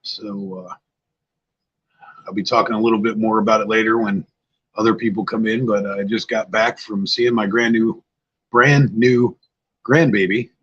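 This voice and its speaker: A man's voice: on the low side, steady tone, moderate pace, pauses often, a bit bright, breathy edge, highs cut off. An older man hosting a casual livestream, tired and a bit scatterbrained, chatting loosely with viewers. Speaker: livestream host. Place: outdoors-like spot at home.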